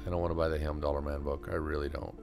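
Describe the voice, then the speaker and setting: A man's voice: rumbling low, flat delivery, rapid-fire, gravelly, music in the background. A man casually talking to himself while playing a video game, muttering wry asides and reading choices aloud. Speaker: gamer streaming a playthrough. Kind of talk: casual let's-play commentary.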